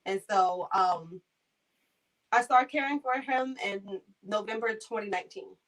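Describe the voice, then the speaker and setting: A woman's voice: medium pitch, a little slow, far from the mic, poor audio. A young woman from Maryland, a caregiver, telling her stories in a casual interview and acting out the people in them. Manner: animated, acts out voices in her stories.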